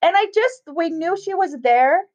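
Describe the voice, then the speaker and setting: A woman's voice: very high voice, moderate pace. A middle-aged woman casually telling a story, acting out the voices of the people in it. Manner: animated, acts out quoted voices. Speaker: guest telling a ghost story. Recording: dull, lo-fi sound.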